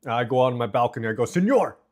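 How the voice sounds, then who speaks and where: A man speaks very fast in a flat, medium-pitched voice while live-streaming from home. Eating as he goes, he chats casually and reads the chat out loud, indoors, on a noise-cancelling desk mic.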